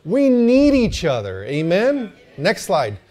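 A man preaching a sermon to his church, animated and joking, often asking the crowd for an amen. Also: sits high, slow. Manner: animated, joking, calls for amens. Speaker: pastor.

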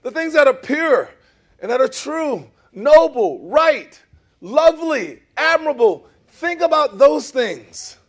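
A middle-aged man preaching a sermon, emphatic, swinging between loud emphasis and soft asides, often checking in with "okay?" and "amen?". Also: extremely high pitch, big pitch swings, slow. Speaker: pastor.

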